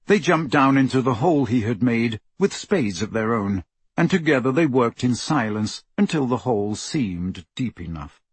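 A man reading an audiobook in a slow, measured narration. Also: mid-range voice, breathy edge, no echo. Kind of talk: scripted narration.

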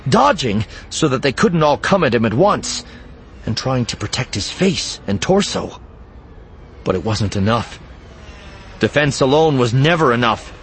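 A male audiobook narrator with a mid-pitched voice that rises and falls freely. He reads with dramatic, expressive delivery, dropping to a hush for inner thoughts and pushing up for action. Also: slight background noise. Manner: dramatic, expressive reading with swings between hushed and urgent. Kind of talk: scripted narration.

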